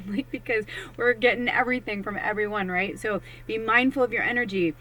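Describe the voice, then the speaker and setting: A woman's voice: mid-range voice, fast talker, few pauses, pushed and bright, low-quality recording. A woman working as a psychic medium, talking casually and animatedly to viewers during a card reading. She swears freely and acts out her own thoughts in quoted asides.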